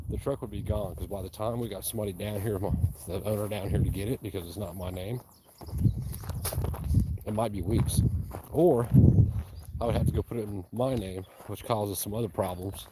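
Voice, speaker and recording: A man's voice: fairly low pitch, fairly even intonation, brisk. Profane man vlogging outdoors. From East Tennessee. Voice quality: blunt, profane, rambling. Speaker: handyman vlogger. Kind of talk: casual chat while working. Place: outdoors at a rural work site. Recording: loud outdoor background noise.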